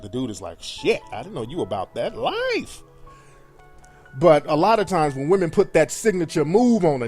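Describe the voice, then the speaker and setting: A man hosting a radio show, giving blunt, profane advice in a conversational monologue. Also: medium pitch.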